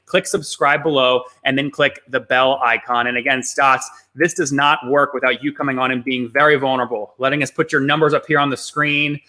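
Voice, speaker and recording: A man hosting a live online business show, wrapping up with brisk promotional remarks to viewers. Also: medium pitch, sharp tone. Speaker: show host.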